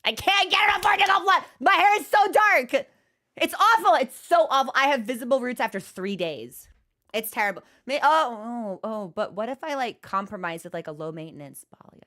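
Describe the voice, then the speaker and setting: A woman's voice: high-pitched, lively intonation, moderate pace, pushed and bright. A young woman streamer in casual chat, rambling with many fillers and restarts.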